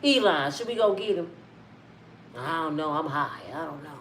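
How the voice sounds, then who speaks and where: Woman putting on a sulky older male president, low and mumbling, comic impression. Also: animated, moderate pace, a bit bright, echoey room, slight background noise. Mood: aggrieved. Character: older male president, griping at an old friend.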